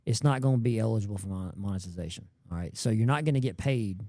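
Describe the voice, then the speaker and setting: Rambling man with mellow voice. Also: fairly low pitch, fast talker, no room sound, studio quality. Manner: rambling, slangy, repeats words. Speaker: guest YouTube creator. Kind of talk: casual podcast chat.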